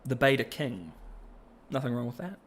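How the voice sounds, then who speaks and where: A man's voice: mid-range voice, sing-song, normal speed. A male podcast host chatting casually, rambling and self-deprecating, laughing often. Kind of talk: casual commentary.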